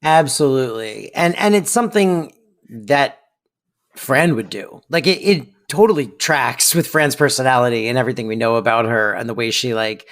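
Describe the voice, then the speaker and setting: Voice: medium pitch, moderate pace, fairly bright tone. A podcast co-host in casual chat, rambling with many fillers and laughing often.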